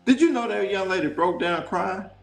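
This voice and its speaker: Animated high-voiced man, echoey. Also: creaky. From Dallas, Texas. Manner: animated, preachy storytelling with quick voice shifts. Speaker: guest. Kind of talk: casual storytelling.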